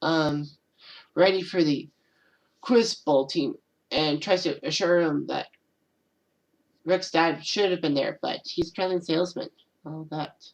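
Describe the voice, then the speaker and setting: This is a woman's low voice, a little slow and full of pauses, captured on a rough recording. She hosts her own channel, rambling casually by herself and frequently saying "and all that."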